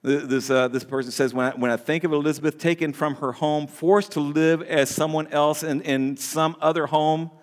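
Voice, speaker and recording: A man's voice: a little high, fairly even intonation, normal speed, hardly any pauses. A man preaching a sermon as a pastor, talking conversationally, restarting words and asking the congregation questions. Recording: long hall reverb.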